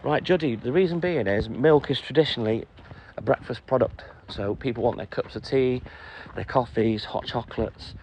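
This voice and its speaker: Medium in pitch and a little mellow, this middle-aged man speaks at a moderate pace, with a slight hiss or hum on the recording. A self-employed milkman, he chats casually on a live stream during his night round, welcoming viewers and answering comments between stops.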